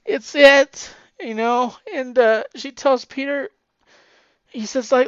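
A man casually retelling a comic book plot, excitable and emotional, swearing freely. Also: extremely high pitch, takes it slowly, clear, resonant tone, dry recording, dull audio.

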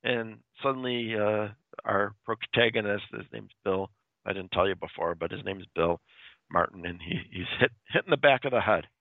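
A man with a lowish, gravelly voice casually retells a spooky story at a normal speed. He's chatty and full of fillers, slipping into quoted voices for the characters. The recording is dry with no echo and has a tinny, phone-like sound.

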